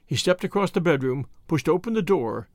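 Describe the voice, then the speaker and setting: A man narrating a detective story in an animated, dramatic reading. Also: fairly high pitch, brisk, no room sound, clean studio sound. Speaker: audiobook narrator.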